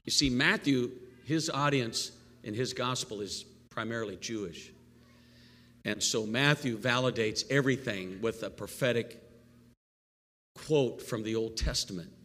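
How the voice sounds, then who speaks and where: A male pastor giving a live sermon, animated and playful, with jokey asides and call-and-response with the congregation. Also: medium pitch. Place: church sanctuary. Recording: long reverb of a church hall.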